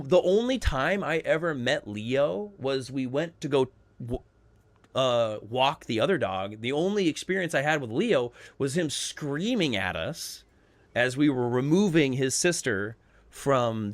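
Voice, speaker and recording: Guy streaming a game and just chatting, average pitch, loose and sweary, keeps repeating himself. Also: expressive, a little slow. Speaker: streamer hosting a game server. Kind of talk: casual storytelling chat.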